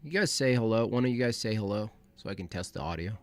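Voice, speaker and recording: This livestream host chats casually and talks to himself while getting his call-in stream ready, rambling and relaxed. His voice is low-ish and quick, with lively intonation.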